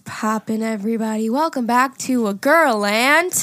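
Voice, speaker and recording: A woman's voice: on the high side, normal speed, fairly bright tone. Playful woman co-hosting a chat. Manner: playful, teasing, laughs often. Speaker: podcast co-host. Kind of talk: casual chat.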